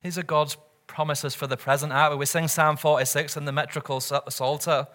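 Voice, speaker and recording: Bright-voiced male pastor preaching. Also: on the high side, level tone, brisk. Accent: British or Commonwealth English. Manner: earnest, asks the congregation rhetorical questions. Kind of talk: sermon.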